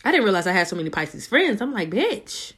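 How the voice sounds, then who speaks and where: A young adult woman hosts her own podcast, chatting casually as if at home in loose, profane, slang-heavy talk. Her medium-pitched voice is very animated and racing, a bit bright and husky.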